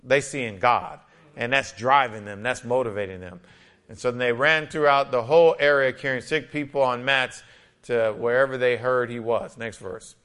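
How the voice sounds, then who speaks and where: A male pastor preaching a lively, conversational sermon, often acting out little scenes and quotes. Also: medium pitch, moderate pace, clean tone.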